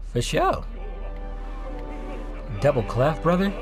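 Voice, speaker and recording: A young male gaming streamer talking through his play, excitable and constantly swearing. His pitch swings wildly and sits a little high, and he breaks into sudden yelps. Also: slow, music in the background. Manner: excitable, profane, yelping outbursts. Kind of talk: casual gameplay commentary.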